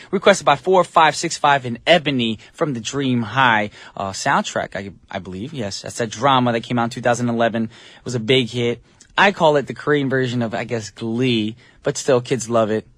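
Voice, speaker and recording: A man's voice: mid-range voice, a bit bright, no echo, studio quality. A man hosting a radio show in a casual, chatty way, joking and laughing at himself between songs. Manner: chatty, joking, self-deprecating asides. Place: radio studio. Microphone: studio microphone.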